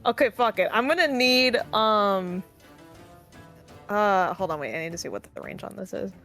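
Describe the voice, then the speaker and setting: A woman's voice: mid-range voice, normal speed, a bit bright, soft background music. A woman playing a tabletop game, giggly and swearing casually as she talks. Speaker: player.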